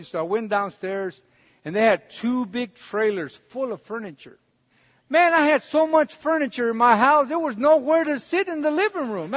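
High-voiced preacher man in echoing hall. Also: moderate pace. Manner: conversational storytelling building to fervent preaching. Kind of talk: sermon with personal testimony. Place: church hall. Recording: dull recording in a reverberant hall.

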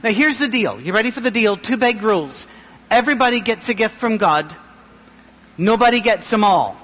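A middle-aged man pastor giving a humorous, self-deprecating sermon with a thin, high voice. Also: animated, normal speed, a bit bright, big-room sound.

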